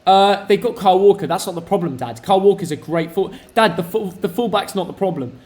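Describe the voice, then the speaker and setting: A young man hosting a live football watch-along stream, chatty and excitable, talking to his viewers. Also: sits high, fast talker. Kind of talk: casual live match watch-along commentary.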